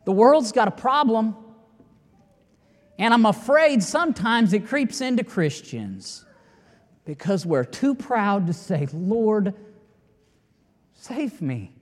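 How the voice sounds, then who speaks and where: High-voiced preaching man in a reverberant hall. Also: sing-song. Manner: emphatic, rising to near-shouting at climaxes with long dramatic pauses. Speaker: pastor. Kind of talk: sermon. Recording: long reverb of a large hall.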